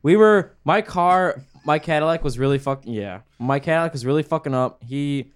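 A man's voice: on the high side, normal speed, smooth. A young man, telling a rambling story in casual podcast chat, full of fillers. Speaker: podcast co-host.

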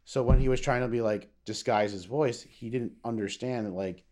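A man's voice: medium pitch, moderate pace, darkish tone. Rambling, swearing young man on a podcast. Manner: rambling, swears a lot, many fillers. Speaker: podcast co-host. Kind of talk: casual podcast chat.

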